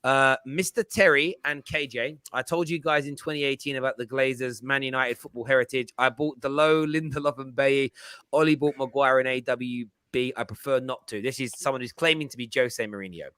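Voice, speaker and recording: A man's voice: mid-range voice, steady tone, fairly quick, sharp tone, clear, resonant tone, no echo. A man hosting a casual football fan panel, bantering and reading out viewer messages. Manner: bantering, laughs often, reads out viewer messages. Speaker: host.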